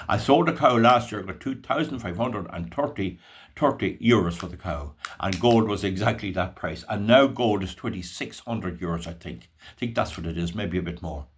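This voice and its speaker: Rambling older Irish man, lively pitch. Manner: rambling, folksy, with frequent restarts and asides. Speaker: channel host. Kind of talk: casual monologue.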